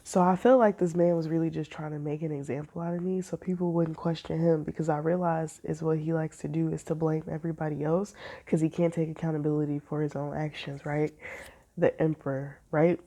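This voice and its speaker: Woman tarot reader, low mellow voice, blunt and profane, casual storytelling. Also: level tone, brisk.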